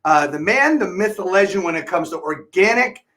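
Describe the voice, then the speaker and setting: A man's voice: high voice, expressive, brisk, pushed and bright. A man hosting an interview show, rambling and restarting his questions. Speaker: host. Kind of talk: casual interview chat.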